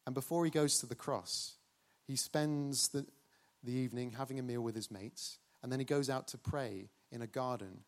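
A man preaching a sermon, dramatic, slowing for emphasis and returning to a rhetorical refrain. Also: medium pitch.

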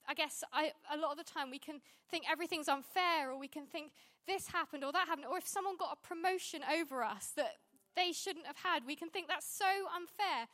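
A woman's voice: high-pitched, fairly quick, hardly any pauses, a bit bright. A woman preaching a sermon in a conversational way, often restarting sentences and laughing at herself.

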